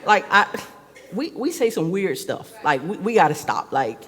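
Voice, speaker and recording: A woman's voice: fairly low pitch, very animated, moderate pace, a bit bright, husky. A woman church elder giving a conversational sermon, peppering her talk with "like" and laughing often. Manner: chatty, fills speech with "like", laughs often. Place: church sanctuary. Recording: reverberant church hall.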